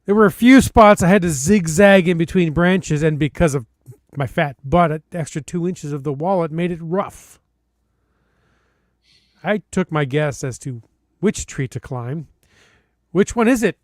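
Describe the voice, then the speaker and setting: High-voiced man reading a story with flair. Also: no room sound, studio quality. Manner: dramatic, playful emphasis with comic pauses. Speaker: podcast host. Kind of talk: reading a listener's story aloud.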